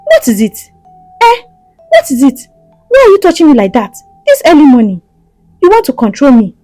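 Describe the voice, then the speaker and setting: A woman's voice: fairly high pitch, big pitch swings, warm tone, dry recording, faint music behind. Woman voicing a hot-tempered young wife. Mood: angry. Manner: snapping, then pleading in halting restarts.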